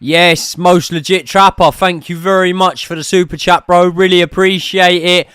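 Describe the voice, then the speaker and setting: A man's voice: high voice, level tone, normal speed, fairly bright tone, smooth, no echo, studio quality. Chatty man hosting a stream. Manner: chatty, swears casually, reads out viewer messages. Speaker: host of a football watchalong stream. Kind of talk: casual live-stream chat and commentary.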